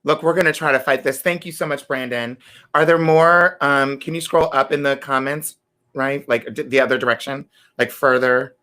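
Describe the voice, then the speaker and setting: Female livestream host, animated delivery, bright tone. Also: a bass voice, normal speed. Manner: lively, animated, reads viewer comments aloud. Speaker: talk show host. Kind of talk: livestream interview chat.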